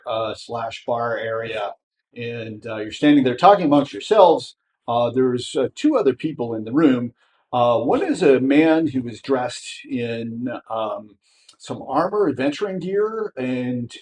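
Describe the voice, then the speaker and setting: A man guides players through a tabletop game as its game master. He talks hesitantly, stopping often and restarting his sentences. His voice sits at an ordinary middle pitch. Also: darkish tone. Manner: hesitant, many fillers and restarts.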